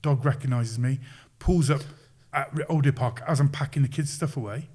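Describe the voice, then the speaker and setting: A man guest on a podcast, telling stories in an animated, casual way and acting out quoted voices. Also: medium pitch, normal speed, breathy edge. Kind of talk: casual storytelling.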